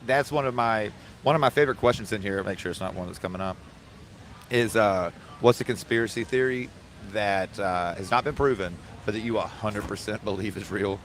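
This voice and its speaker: A man's voice: lowish voice, fairly quick, a bit bright, a little hiss or hum. A man hosting a casual podcast chat, rambling through questions and jokes. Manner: rambling, tells jokes with put-on voices. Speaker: podcast host asking questions.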